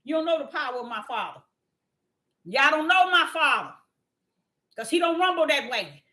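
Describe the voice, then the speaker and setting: A woman preaching an impassioned sermon in a fervent, scolding manner that rises to shouting. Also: high voice, animated, normal speed. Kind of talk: impassioned street-style sermon.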